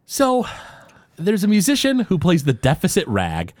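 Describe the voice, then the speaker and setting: A podcast co-host rambles through a casual episode recap, full of filler words. His voice sits high with wildly swooping pitch and a darkish tone, at normal speed with no echo.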